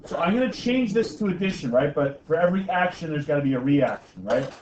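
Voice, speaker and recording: A man's voice: on the high side, animated, quick pace, darkish tone, far from the mic, a little hiss or hum. A man teaching a math class, joking with students and checking in with "okay?" and "right?" after almost every step. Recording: echoey, dull classroom recording from afar.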